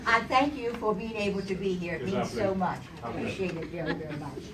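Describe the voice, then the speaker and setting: At her retirement celebration, an older woman addresses the audience in a big hall, telling stories warmly, cracking jokes, and chuckling as she goes. She speaks fairly quickly in a mid-range voice. The echoey recording is captured from a distance, with the crowd chattering and laughing in the background.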